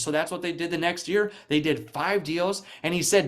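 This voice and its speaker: Animated man telling stories in an interview. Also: fairly high pitch, brisk, few pauses. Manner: animated storytelling, acting out quoted voices, frequent "like" fillers. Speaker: podcast guest, real estate coach. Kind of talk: casual interview talk.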